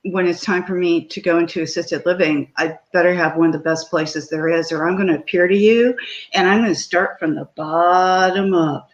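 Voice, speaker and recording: A woman's voice: on the low side, fairly even intonation, moderate pace. An older woman, a guest on an interview show, telling a personal story in a meandering way with many fillers. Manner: meandering, with fillers and quoted dialogue. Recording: dull lo-fi audio.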